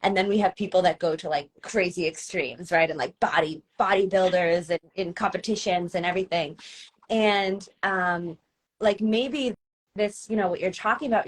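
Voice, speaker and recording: A woman hosting a podcast, reflective in casual interview chat, thinking aloud with pauses. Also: medium pitch. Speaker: podcast host.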